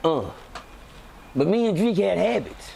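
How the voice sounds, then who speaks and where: A man telling a street story on a live stream, animated and acting out the voices of the people in it. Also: high-pitched, unhurried, creaky, slight background noise. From Texas. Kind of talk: casual storytelling.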